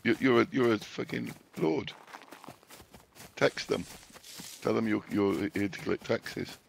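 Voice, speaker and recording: A man's voice: on the low side, unhurried, vocal fry, a little hiss or hum. A man chatting casually with a friend during a game, teasing him and swearing freely. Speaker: friend and co-player. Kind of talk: casual gaming chat.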